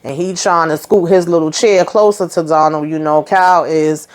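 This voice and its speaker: A woman's voice: low voice, fairly even intonation, moderate pace, slight background noise. A woman hosting a casual TV episode recap, chatty and rambling with lots of "you know" asides. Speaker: host.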